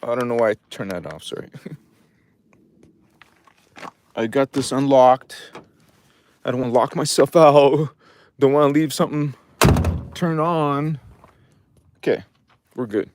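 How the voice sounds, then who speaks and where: A middle-aged man, hosting a spiritual livestream from his phone. He swings between mumbled casual chatter and fervent shouted invocations. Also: medium pitch, unhurried, pauses often. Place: by his truck in a cold underground space at night.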